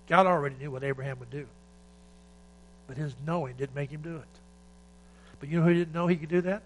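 Preacher guy, kinda high voice, goes from big and urgent to real quiet, faint hum behind. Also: a little fast, pauses often, rough recording. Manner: swings from loud urgent preaching to hushed emotional storytelling. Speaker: pastor. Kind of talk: sermon.

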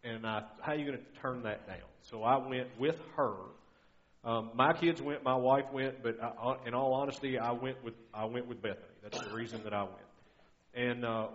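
A man's voice: mid-range voice, highs cut off. A middle-aged man giving a guest sermon in an earnest, conversational way, often restarting his sentences. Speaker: guest preacher.

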